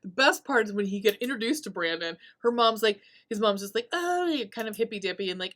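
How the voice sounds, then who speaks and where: A woman's voice: mid-range voice, brisk, few pauses. A woman hosting a podcast, casually recapping a horror movie, swearing freely and laughing often as she tells the story. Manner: profane, laughing, animated storytelling. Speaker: podcast host.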